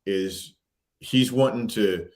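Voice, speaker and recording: A man's voice: fairly low pitch, slow, darkish tone. A man co-hosting a casual chat, retelling stories animatedly with many fillers. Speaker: podcast co-host.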